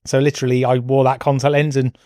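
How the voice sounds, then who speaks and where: A man's voice: medium pitch, level tone, fast, darkish tone, no echo. A British man in casual conversation as a podcast guest, telling stories with self-deprecating, dry humor. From Britain. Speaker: guest, host's husband.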